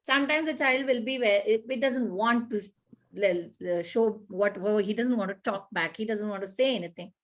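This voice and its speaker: A woman giving parenting advice in an earnest, animated conversational way. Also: mid-range voice, moderate pace. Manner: earnest, repetitive, animated explaining with acted-out examples. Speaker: parenting expert guest.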